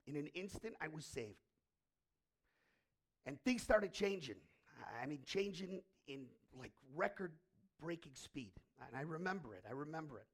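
A man's voice: fairly high pitch, fairly bright tone. A middle-aged man preaching a sermon as pastor, telling a story emphatically and asking rhetorical questions.

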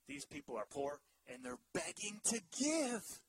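A male pastor in his thirties preaching a sermon in an animated, humorous way, swinging from loud to hushed. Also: on the high side, moderate pace, hardly any pauses, poor audio.

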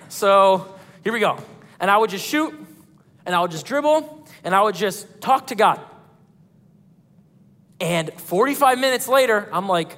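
A man's voice: sits high, expressive, moderate pace, long pauses, a bit bright, big-room sound. A young man preaching as a pastor, telling stories in a casual, conversational way with playful asides. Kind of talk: sermon. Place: church hall.

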